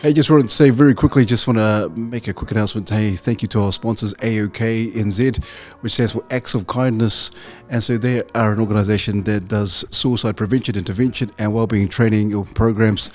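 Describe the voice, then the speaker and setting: A man's voice: lowish voice, steady tone, brisk, few pauses. A man, a podcast host asking long, earnest, rambling questions. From New Zealand. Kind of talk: interview questions.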